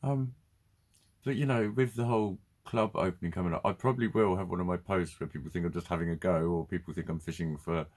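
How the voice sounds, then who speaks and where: A man's voice: deep voice, fairly even intonation, fast talker, a little mellow. A man ranting bluntly and swearing in a casual vlog. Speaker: vlogger. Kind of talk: casual ranting monologue to camera.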